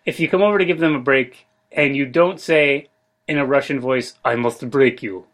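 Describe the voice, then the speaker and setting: A man's voice: on the high side, normal speed, fairly bright tone. Hesitant male comedy host. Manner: hesitant, filler-heavy, playing the straight man. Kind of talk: improv comedy podcast chat.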